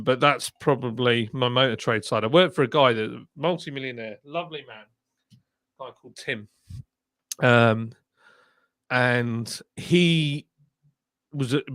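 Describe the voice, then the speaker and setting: A man's voice: medium pitch, a bit bright, dry recording, clean studio sound. A man hosting a casual livestream chat, talking bluntly and laughing often. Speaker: livestream host, former brewery boss.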